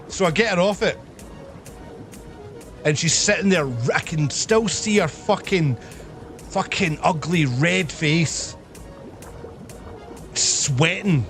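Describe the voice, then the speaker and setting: A young man with a slightly high voice tells a rowdy, swear-filled story straight into his desk mic during a live stream. He acts out the voices of people in the tale, and music plays softly behind him. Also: unhurried, long pauses. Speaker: livestreamer.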